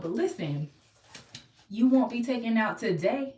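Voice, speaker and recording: A young woman live-streams an emphatic, repetitive pep talk, preaching to viewers and repeatedly asking them to say lines back. Her somewhat high, lively, slightly mellow voice moves at a measured pace. It echoes around the room from well back from the mic.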